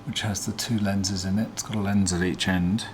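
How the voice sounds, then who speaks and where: A vlog host runs a casual teardown demonstration, explaining in a relaxed, hesitant way with frequent ums. His voice sits low at a normal speed against a noisy background.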